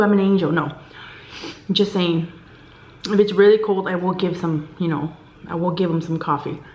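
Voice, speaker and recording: A woman vlogger casually telling a story from work, acting out what people said to her. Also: mid-range voice. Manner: chatty, animated quoting of others; drops to a hushed whisper at tense moments. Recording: echoey room.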